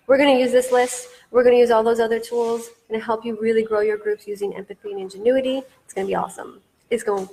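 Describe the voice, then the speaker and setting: A woman business coach giving a masterclass, talking with eager, repetitive emphasis. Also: medium pitch. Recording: long hall reverb.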